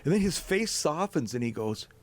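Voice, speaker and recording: A man in his sixties from North Dakota, a bass player telling a long story as a guest, animated and chuckling as he goes. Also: moderate pace. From North Dakota, USA. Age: 60s. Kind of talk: storytelling anecdote in a chat.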